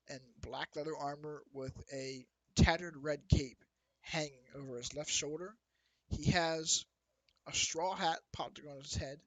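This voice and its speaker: A man runs a tabletop game session, narrating scenes in a loose, chatty way. His voice is bright and sits a little high, and the sound is dry and close. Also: dry recording, low-quality recording. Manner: loose and chatty, with frequent ums and laughs. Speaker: dungeon master.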